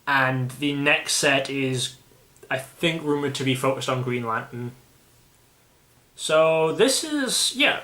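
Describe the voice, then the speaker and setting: A man's voice: mid-range voice, sharp tone. A British man hosting a casual chat about a card game, rambling and often restarting his sentences. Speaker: channel host. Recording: echoey room.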